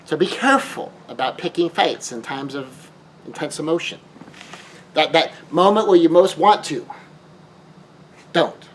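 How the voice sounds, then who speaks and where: Man, fairly high voice, emphatic lecture, repeats key points, rhetorical questions. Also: lively intonation, unhurried, long pauses, a little hiss or hum, low-quality recording. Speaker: grief speaker.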